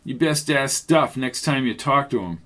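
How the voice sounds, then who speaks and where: A man narrating a mystery radio drama in a steady storytelling manner and voicing the detective. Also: medium pitch, moderate pace.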